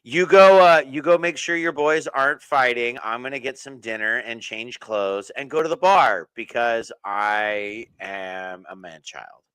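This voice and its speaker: A man's voice: medium pitch, unhurried, hardly any pauses, fairly bright tone, clear, resonant tone, no room sound, poor audio. A man chatting as a guest on a casual podcast over a remote call, joking sardonically and swearing freely. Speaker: podcast guest, political activist.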